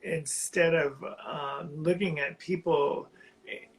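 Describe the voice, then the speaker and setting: A man calling in to a live reading, sharing something painful in a halting, heartfelt way while close to tears. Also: on the high side, fairly even intonation, low-quality recording. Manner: halting, heartfelt, slow, often restarting phrases. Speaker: caller on a live psychic reading. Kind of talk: emotional personal sharing.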